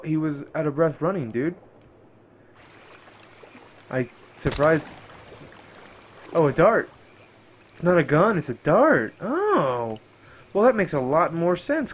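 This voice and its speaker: Man streamer, lively swooping voice, swears a lot, yelps, faint room hum. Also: fairly high pitch. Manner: profane, excitable, yelps and exclaims. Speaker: gameplay streamer. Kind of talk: let's play commentary.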